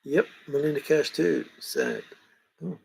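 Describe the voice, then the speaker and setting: A man's voice: fairly high pitch, wildly swooping pitch, a little slow, creaky, a little mellow, slightly rough, low-quality recording. A man hosting a livestream, chatting casually in a rambling way and chuckling as he reacts to viewers' comments. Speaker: livestream host reading chat. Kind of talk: casual chat.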